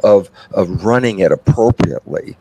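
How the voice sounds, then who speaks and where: A man's voice: on the low side, normal speed, breathy edge, no room sound. An older man, an interview guest, explaining his ideas at length and acting out little dialogues with himself. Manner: animated storytelling, acts out dialogue with himself. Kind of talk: expansive conversational explanation.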